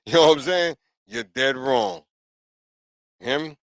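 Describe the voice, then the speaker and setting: A man's voice: a little high, takes it slowly, no room sound. Earnest older man preaching to camera. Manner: repetitive, earnest, keeps asking "you hear me?"; chuckles between points. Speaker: YouTube channel host. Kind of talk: casual preaching monologue to viewers.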